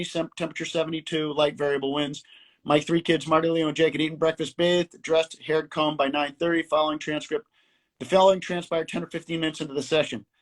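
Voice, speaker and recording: A middle-aged man, a comedy writer, telling a story in casual chat on a video call, acting out quotes and laughing along. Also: on the high side.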